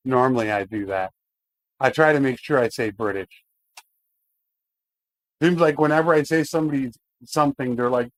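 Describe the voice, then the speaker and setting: A man's voice: medium pitch, moderate pace, pauses often, no echo. A man streaming a video game live, chatting casually to his viewers while he plays. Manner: chatty, talks to chat while playing.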